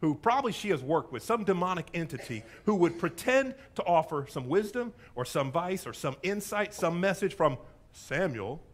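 A man's voice: high voice, expressive, normal speed. A man preaching a sermon as pastor, telling a story with playful voices and asides.

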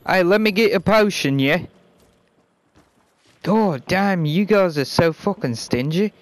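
A man's voice: high voice, lively intonation, slow pace, no room sound. Brash man in a fake British accent. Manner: exaggerated put-on British accent, calling people mate and wanker; brash, abrasive, swears constantly. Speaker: gamer playing with random teammates. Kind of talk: profane gaming banter over voice chat.

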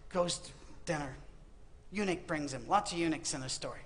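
Slight background noise accompanies this middle-aged man's fairly high voice at a moderate pace. Delivering a funny sermon in a university auditorium, he narrates Bible stories animatedly, tossing in comic remarks and performing the quoted lines.

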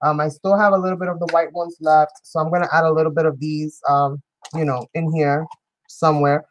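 A woman's voice: low voice, level tone, a little fast, no room sound, rough recording. A woman hosting a live crafting show, chatting playfully with viewers as she works and often breaking into giggles. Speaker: crafting channel host. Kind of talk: live crafting demonstration chat.

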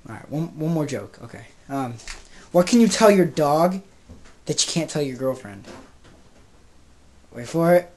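A teenage boy rambles through a casual vlog, brash and crude. His pitch swings all over the place, and he jumps from loud outbursts to low mutters as he gets sidetracked. He sounds jokey and unpolished throughout. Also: sing-song, normal speed, a little hiss or hum. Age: teens. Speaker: vlogger.

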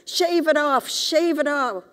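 A woman's voice: high voice, takes it slowly, fairly bright tone, voice pushed up. A woman reading aloud and voicing a bossy middle-aged mother who scolds her grown son, in a reverberant hall. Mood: scolding. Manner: scolding, insistent.

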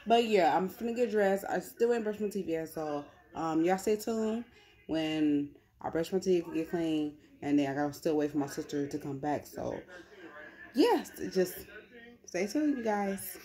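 A young woman chatting casually to the camera in a vlog, with an animated, storytelling manner. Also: fairly low pitch, moderate pace. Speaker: vlogger.

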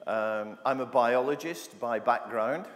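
A man's voice: mid-range voice, a little slow, a bit bright. A middle-aged man from England giving a talk to an audience, wry and jokey, often asking the room questions. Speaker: conference speaker. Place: university lecture hall. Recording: long reverb of a large hall.

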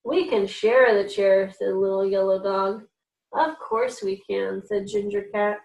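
A woman hosting a children's reading program, reading picture books aloud in a gentle, animated way and giving the characters voices. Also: medium pitch, a little slow, gravelly. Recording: echoey room, a little far from mic.

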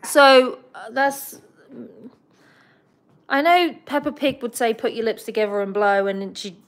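A woman's voice: a little high, steady tone, a little slow. Chatty giggly young woman. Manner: chatty and giggly, talking to her bird and viewers. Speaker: pet bird channel host. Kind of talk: casual livestream chat.

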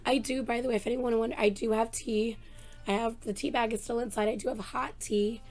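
A woman with a hoarse, strained voice sits at her desk microphone and talks straight to her viewers. She is chatty and excitable, sprinkling in fillers, and her pitch sits a little on the high side. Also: a little fast, faint music behind. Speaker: reaction channel host. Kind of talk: casual chat to camera.

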